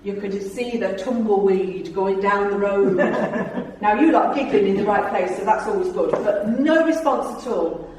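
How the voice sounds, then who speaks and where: A woman's voice: medium pitch, moderate pace, few pauses, darkish tone, a little hiss or hum. A woman in her fifties giving a jokey, anecdotal talk to a club audience, chatting with listeners and laughing as she goes. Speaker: guest speaker at a club. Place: club meeting room. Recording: echoey room from far off.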